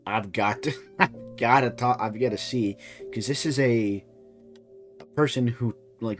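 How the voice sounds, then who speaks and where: Rambling low-voiced young streamer, faint music. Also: male voice. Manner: rambling, profane, lots of restarts and "right?". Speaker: streamer reacting to a video. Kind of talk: casual reaction commentary.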